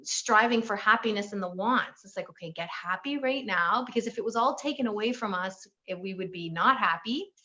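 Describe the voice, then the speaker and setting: A woman relationship coach talking in an interview, animated and acting out the voices of people she quotes. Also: medium pitch, brisk, few pauses, highs cut off. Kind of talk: conversational interview.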